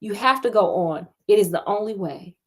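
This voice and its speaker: A woman voicing a hurt teenage girl who speaks quietly and firmly, in a storytelling reading. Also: medium pitch, lively intonation, normal speed, slightly rough. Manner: quiet, firm. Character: calm, hurt teenage girl urging her boyfriend on.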